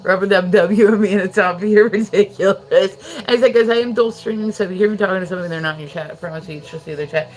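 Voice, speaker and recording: A woman's voice: mid-range voice, rapid-fire, hardly any pauses. A woman hosting a livestream, chatting casually with viewers, rambling with lots of fillers and frequent laughter. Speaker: livestream host.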